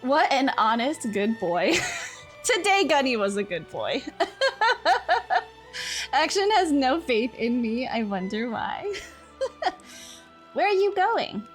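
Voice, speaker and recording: A young woman streamer chatting casually with her viewers, giggly, easily distracted and quick to apologize. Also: fairly high pitch, sing-song, faint music behind.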